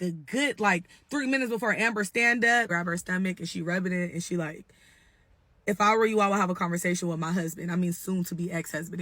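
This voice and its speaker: A woman telling a story in a casual, animated, slangy way, cursing freely. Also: mid-range voice, dry recording. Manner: animated, slangy, profane gossip.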